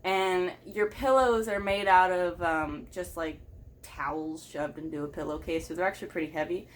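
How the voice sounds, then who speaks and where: A woman's voice: fairly low pitch, moderate pace, slight background noise. A young woman vlogger telling a personal story candidly and bluntly, swearing and laughing things off.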